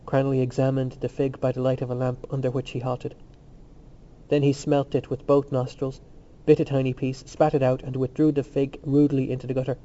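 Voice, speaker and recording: A man narrating a literary novel in a steady, measured reading. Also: mid-range voice, highs cut off. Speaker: audiobook narrator.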